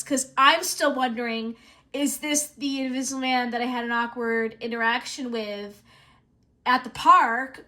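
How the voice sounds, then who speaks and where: A woman's voice: high-pitched, bright, forceful tone. A woman casually narrating her solo tabletop role-play, giggly and self-conscious, rambling as she thinks aloud.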